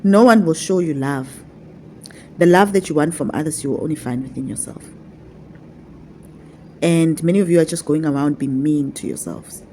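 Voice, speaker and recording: A woman with a fairly low, mellow voice teaches her online followers about spiritual practice. She talks in a casual, affectionate way and repeats her points to coax them along. A faint hiss of noise sits under her voice. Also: moderate pace, long pauses. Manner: repetitive, coaxing, affectionate.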